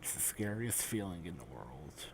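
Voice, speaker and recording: A man quietly reading the farewell of a broken, remorseful man in a game. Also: deep voice, very animated, moderate pace, creaky, slight background noise, pitched below the performer's own voice, full character voice. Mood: tender. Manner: soft, quiet, tender reading.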